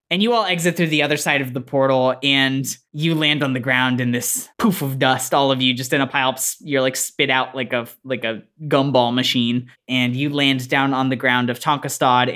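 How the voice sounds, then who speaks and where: A woman's voice: extremely low pitch, a bit bright. A woman narrating as game master in a tabletop game, loose and rambling, swearing as she goes.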